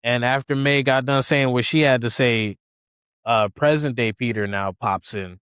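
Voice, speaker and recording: Here a man with a mid-range voice, talking at a normal speed, casually recaps a movie on a podcast he co-hosts. He performs the characters' lines animatedly along the way, his smooth, clear tone recorded close and dry without any room sound.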